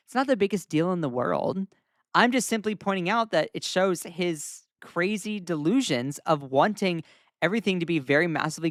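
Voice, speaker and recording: A man's voice: high-pitched, no room sound. Chatty young man, dry sound. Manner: chatty and animated, reacting to viewer comments. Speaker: news commentary host. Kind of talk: casual live-stream commentary.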